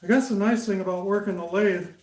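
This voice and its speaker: A man's voice: high voice, fast talker, a little mellow. A man turning pens on a lathe in his workshop, chatting casually with livestream viewers by name and reading their comments. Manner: chats with viewers by name, reads comments aloud. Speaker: woodturner streaming live. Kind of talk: casual livestream chat while working. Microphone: camera set up beside the lathe. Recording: roomy workshop echo.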